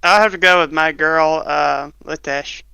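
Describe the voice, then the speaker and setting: A man's voice: fairly high pitch, fairly even intonation, a little slow, creaky, sharp tone, smooth, no room sound, poor audio. A man chatting casually with friends, making brief laid-back remarks. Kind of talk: casual chat.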